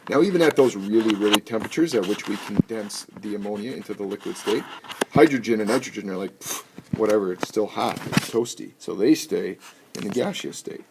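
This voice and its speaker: A man teaching a chemistry lesson in a playful, jokey way with animated asides. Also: on the low side, fairly quick, creaky. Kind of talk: recorded lecture. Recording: noisy recording with clicks.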